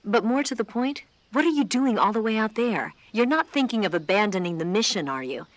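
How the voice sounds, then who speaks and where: A composed female spy briefs her partner over the radio in a video game, as an actress plays her. Her mid-pitched voice stays calm and measured. She sounds cool and guarded. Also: no echo, lightly acted.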